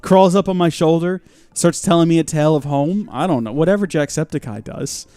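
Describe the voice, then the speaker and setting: A young man streaming a video game live, chatting and joking with his audience as he plays, with sudden bursts of mock shouting. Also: on the high side, a little fast. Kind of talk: live gameplay commentary.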